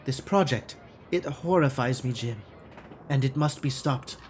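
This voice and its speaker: A man's voice: mid-range voice, slight background noise, lightly acted. Man doing a formal, frightened corporate woman. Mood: grave. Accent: put-on German. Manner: formal, clipped, measured. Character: anxious corporate woman scientist, guarded, formal. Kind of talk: video game dialogue read aloud.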